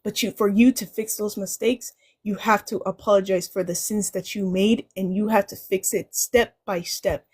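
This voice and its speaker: A woman's voice: medium pitch, fairly even intonation, normal speed, hardly any pauses, breathy edge. A woman speaking as a guest on a live-stream panel, talking earnestly in a preachy way and repeating phrases for emphasis.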